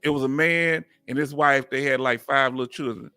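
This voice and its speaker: A man from Houston with a Southern Texas accent, hosting a live stream in a folksy, drawn-out storytelling way. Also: medium pitch, steady tone, sharp tone, smooth, soft background music. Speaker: host.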